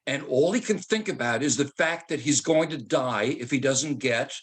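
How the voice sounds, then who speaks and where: A man's voice: medium pitch, normal speed, slightly rough. An older man giving a talk over a video call, teacherly and joking, asking rhetorical questions. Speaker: speaker and author. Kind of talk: storytelling talk.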